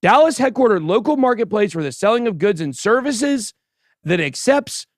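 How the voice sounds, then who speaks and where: A man hosting a casual livestream crypto show, giving animated and sarcastic commentary as he chats with a co-host and the live chat. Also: high-pitched, moderate pace, no room sound, clean studio sound. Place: show studio stage.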